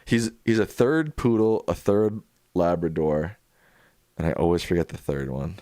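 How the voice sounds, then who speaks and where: A man hosting a casual livestream, chatting in a relaxed way and thinking aloud as he answers viewers. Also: low voice, measured pace, no room sound, clean studio sound. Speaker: livestream host.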